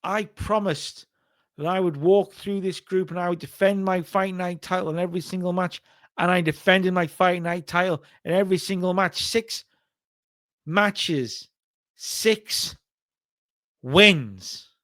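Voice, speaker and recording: A man voicing an arrogant male champion wrestler, delivering slow, loud, emphatic boasts. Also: sits high. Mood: boastful.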